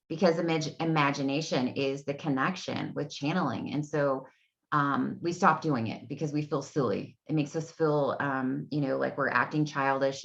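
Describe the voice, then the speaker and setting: A woman's voice: deep voice, a bit bright, lo-fi sound. A woman in her thirties, an energy healing coach, chatting casually and rambling to her audience from her home, with lots of fillers. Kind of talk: casual solo talk to camera. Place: home room. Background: dogs barking.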